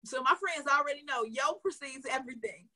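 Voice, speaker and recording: A woman sales coach giving an energetic, casual live training from her home. She talks straight to her viewers and says y'all. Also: high voice, fairly quick, low-quality recording. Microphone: livestream on a video call platform.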